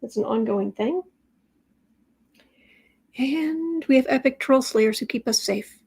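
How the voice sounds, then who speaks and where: A woman's voice: high voice, animated, slow pace, vocal fry, a little mellow, husky. A woman hosting a daily tarot livestream, talking casually to viewers and breaking off to talk to her cat. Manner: chatty, talks to her cat between remarks. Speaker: tarot reader and livestream host.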